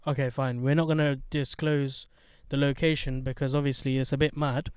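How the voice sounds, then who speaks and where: A man's voice: medium pitch, flat delivery, normal speed, darkish tone, smooth, dry recording, studio quality. A man co-hosting a podcast from a parked car, chatting in slang and joking around. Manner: joking, slangy, hypes things up. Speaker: podcast co-host. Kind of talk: casual chat. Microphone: handheld mic.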